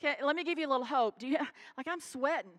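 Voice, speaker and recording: A woman pastor preaches to her church congregation in a high, bright voice. She is animated, calls out to the room, and swings between loud exhortation and quiet warnings. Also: racing. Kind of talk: sermon. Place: church sanctuary.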